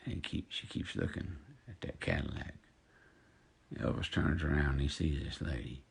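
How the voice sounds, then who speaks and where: A man's voice: a bass voice, normal speed, gravelly, breathy edge. A man telling folksy stories on a live stream, blunt and indignant.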